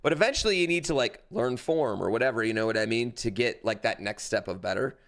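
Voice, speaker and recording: A man's voice: mid-range voice, animated, quick pace, creaky, fairly bright tone. A man streaming live, reacting in a blunt, rambling way, with lots of fillers and swearing. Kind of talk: casual livestream reaction chat.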